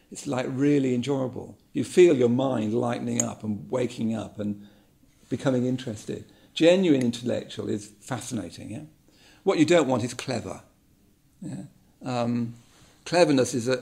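A man gives a reflective talk, thinking aloud and circling back over his words. His voice is gravelly with a bit of fry, and it sits in a middling pitch. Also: mellow. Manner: musing, repeats words, many ums. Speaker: speaker giving a talk.

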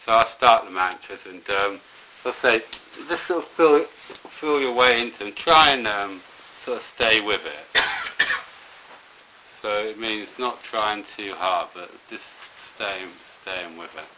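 Man, deep bright voice, meditation teacher, rambling and hesitant, restarts often. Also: measured pace, a little hiss or hum, poor audio. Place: indoor room with a live group.

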